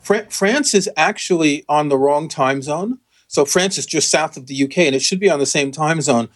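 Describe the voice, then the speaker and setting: A man's voice: fairly high pitch, normal speed. A man co-hosting a casual chat, explaining facts patiently with wry humor. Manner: explanatory, with fillers and restarts, wry. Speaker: co-host.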